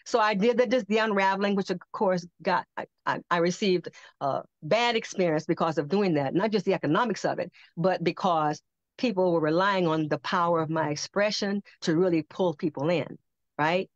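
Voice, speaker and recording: An older woman on a podcast telling a personal testimony, animated and acting out the voices she quotes. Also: on the low side, normal speed, dry recording. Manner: animated storyteller who acts out quoted voices. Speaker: podcast guest. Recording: dull lo-fi dry sound.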